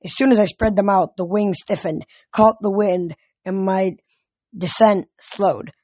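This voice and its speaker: A man reading a novel aloud as a fan audiobook, steady with occasional slips and restarts. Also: high-pitched, a little slow, dry recording. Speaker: audiobook reader.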